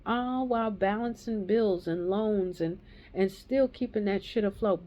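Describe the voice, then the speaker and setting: A woman in her thirties or forties delivers a raw, heated monologue full of cursing. Her voice is dark and mellow. The recording is dull and lo-fi. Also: mid-range voice, measured pace. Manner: heated, profane ranting. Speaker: woman giving a personal testimony.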